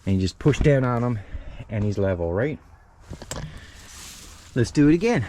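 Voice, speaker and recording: Outdoors by a van, a man runs a relaxed how-to video for his channel, gripping the camera in one hand as he works and breathing a little hard. His mid-range voice is mellow and animated at a normal speed, and he keeps calling viewers "guys." A faint hiss or hum sits under the audio.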